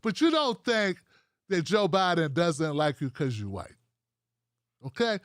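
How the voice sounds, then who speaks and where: On his political livestream, this US host swears heavily, rants without holding back, and reads out live chat comments. He speaks unhurriedly in a high-pitched voice with big pitch swings, and the studio audio is clean with no room sound.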